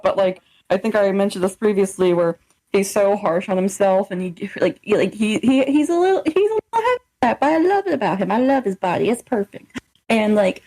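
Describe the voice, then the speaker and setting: A woman's voice: mid-range voice, poor audio. Laughing, rambling woman in her twenties. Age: 20s. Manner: laughing often, rambling, animated storytelling. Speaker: podcast co-host. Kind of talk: casual chat.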